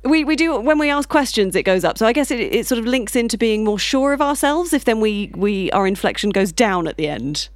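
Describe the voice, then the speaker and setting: A woman's voice: fairly high pitch, expressive, brisk, few pauses, dry recording. A woman hosting a show, chatty and laughing easily as she interviews a guest. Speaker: radio show host.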